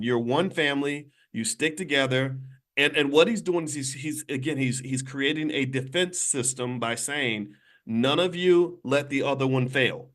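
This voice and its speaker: Medium in pitch with a fairly bright tone, a male financial commentator and channel host addresses his viewers straight on. He's broadcasting live from a hotel room using his phone, and his manner is emphatic and preachy.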